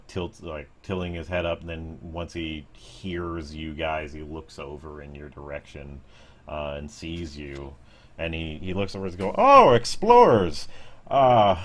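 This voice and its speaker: A man with a very low voice narrating a tabletop game as its game master. He describes the scene haltingly, with many fillers, and corrects himself along the way.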